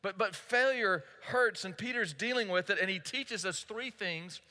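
A male pastor preaching in a church sanctuary, telling a story earnestly and turning often to the congregation. His voice sits high and bright, and a long hall echo follows each phrase. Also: moderate pace. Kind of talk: sermon.

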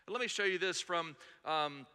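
A middle-aged man preaches with a high, ringing voice. He tells stories earnestly and hammers points home by repeating them. The sound carries a long reverb from a large church sanctuary. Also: moderate pace, bright, forceful tone, clear, resonant tone. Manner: earnest, storytelling, emphatic repetition. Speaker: pastor. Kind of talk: sermon.

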